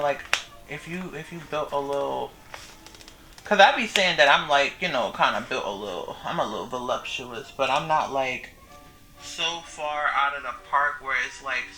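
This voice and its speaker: Gravelly New man, rambling chat. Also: mid-range voice, bright, forceful tone, rough recording. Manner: chatty, rambling, talks to himself. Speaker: vlogger. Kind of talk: casual talk to camera. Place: home sewing area. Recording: background music under voice.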